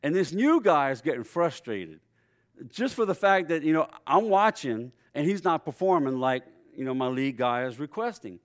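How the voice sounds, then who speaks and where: A middle-aged man preaching a sermon in a conversational storytelling way, with lively swings in his voice. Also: a little high, moderate pace. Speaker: pastor.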